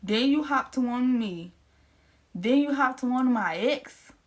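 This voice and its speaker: A woman's voice: fairly high pitch, lively intonation, moderate pace. A young adult woman in her bedroom, chatting casually to viewers as she tells a slangy personal story. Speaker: vlogger.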